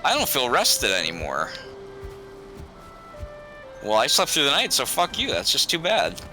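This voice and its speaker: A man with a very bright, ringing voice chats loosely and rambles while playing a game with friends. His pitch swings up and down as he talks, and faint game music plays under him. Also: wildly swooping pitch. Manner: rambling, chatty, quick to joke. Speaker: gamer streaming with friends. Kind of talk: casual gaming chat.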